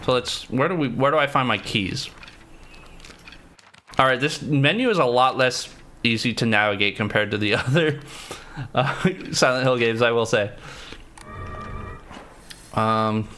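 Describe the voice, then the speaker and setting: A man's voice: mid-range voice, unhurried, long pauses, sharp tone, a little hiss or hum. A man casually commentating a game stream, chatty, swearing and answering his chat.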